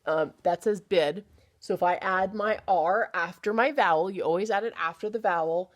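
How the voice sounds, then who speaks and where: A woman teaching a phonics lesson to young children, sounding out words slowly and chatting playfully between them. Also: on the low side. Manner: slow, drawn-out sounding of words. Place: home, at a small easel.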